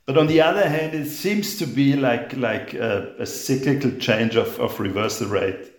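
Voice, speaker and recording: A man explaining rock dating as a guest in a conversation, halting and repeating his words with many fillers. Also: mid-range voice, roomy sound. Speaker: geologist guest.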